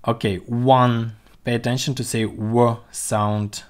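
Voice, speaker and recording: Slow, careful male language teacher. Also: lowish voice, fairly even intonation. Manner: slow, careful, demonstrates pronunciation by repeating sounds. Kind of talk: livestreamed vocabulary lesson. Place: home room, streaming. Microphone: computer mic on a livestream.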